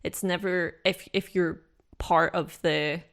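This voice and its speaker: Woman from Britain, lowish voice, co-hosting a podcast; reflective and casual, thinks aloud with fillers. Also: fairly even intonation, slow pace, vocal fry, fairly bright tone. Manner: thoughtful, many fillers and restarts. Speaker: podcast co-host. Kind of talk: casual discussion.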